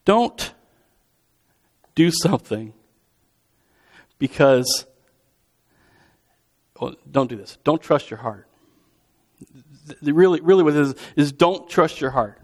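A man's voice: fairly high pitch, expressive, slow pace, pauses often. A man preaching in a conversational, storytelling way, acting out quotes with vivid voices. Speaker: pastor. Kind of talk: sermon.

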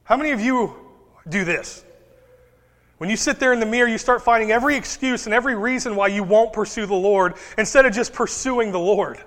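A man preaching a sermon as a pastor, animated and conversational, dropping into quick voices for Bible figures. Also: high-pitched. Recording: reverberant hall.

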